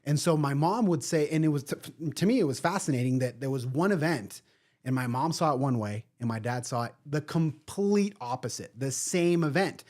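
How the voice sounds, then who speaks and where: A man's voice: fairly high pitch, expressive, normal speed, a little mellow. A man talking as a podcast guest, who speaks emphatically and repeats key words for weight. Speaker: guest, event organizer. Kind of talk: casual podcast interview.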